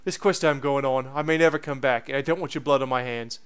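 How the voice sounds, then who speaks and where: A man's voice: mid-range voice, fast talker, clean tone, pitched below the performer's own voice, lightly acted. A man voicing a pompous, indignant old male professor explorer while reading game dialogue aloud, with a huffy, dismissive manner. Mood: solemn.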